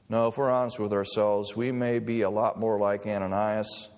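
A man's voice: fairly low pitch, flat delivery, moderate pace, a little mellow. A man preaching a sermon in a conversational way, mixing humor with scripture. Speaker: pastor. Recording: long reverb of a hall.

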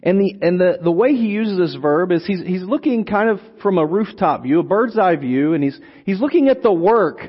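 A man preaching an expository sermon, teaching slowly and deliberately, lingering on single words and repeating phrases for emphasis. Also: high voice, expressive, slightly rough. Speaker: preacher teaching on a Bible letter. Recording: long hall reverb, dull lo-fi sound.

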